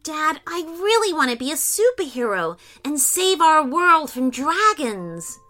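A woman voicing a bold young girl who dreams of being a superhero, in a high, excited childlike voice. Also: measured pace, heavily acted. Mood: eager.

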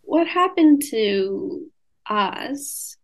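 A woman's voice: high voice, lively intonation, very slow. A woman in her twenties with an Australian accent tinged with Californian, talking reflectively as a guest over a video call, with many fillers and restarts. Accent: Australian with a light Californian tinge. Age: 20s. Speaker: guest author.

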